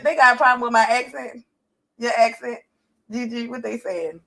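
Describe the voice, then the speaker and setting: A woman's voice: a little high, steady tone, moderate pace, vocal fry, pushed and bright. A woman co-hosting a live stream in casual chat, talking bluntly and with animation, swearing freely and laughing often. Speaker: livestream co-host.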